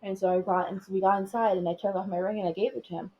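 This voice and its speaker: A woman's voice: medium pitch, steady tone, very fast, slightly rough, dull audio. A young woman co-hosting a casual chat podcast, rambling through a personal story with lots of filler words. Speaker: podcast co-host.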